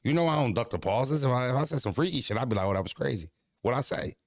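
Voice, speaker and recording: A man's voice: medium pitch, lively intonation, rapid-fire, dry recording, studio quality. A man, chatting casually as a streamer reacting to clips, laid-back and freely swearing.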